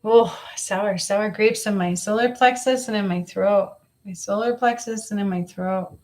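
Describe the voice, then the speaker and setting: A woman's voice: mid-range voice, unhurried, darkish tone. Woman giving a live psychic reading, repeating herself. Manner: repetitive, intuitive, coaxing, repeats phrases. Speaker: psychic reader.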